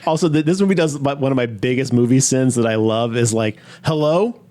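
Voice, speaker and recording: A man co-hosting a movie podcast in casual chat, animated, acting out scenes in quick impressions. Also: medium pitch. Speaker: podcast co-host.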